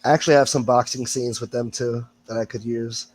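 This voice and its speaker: A man's voice: medium pitch, fairly even intonation, brisk, darkish tone. A man chatting as a guest about his videos, easygoing and profane. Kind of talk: casual chat.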